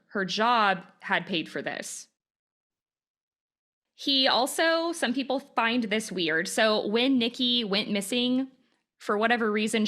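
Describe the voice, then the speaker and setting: A woman's voice: medium pitch, bright, forceful tone. A woman hosting a podcast, recounting case details in casual chat with plenty of fillers. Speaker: podcast host. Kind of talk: casual true-crime chat.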